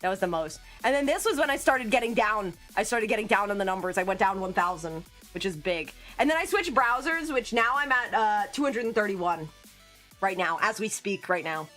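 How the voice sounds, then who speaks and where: A woman's voice: mid-range voice, lively intonation, a little fast, fairly bright tone. A woman streamer chatting casually on a livestream, talkative and giggly, calling herself a yapper. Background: faint background music.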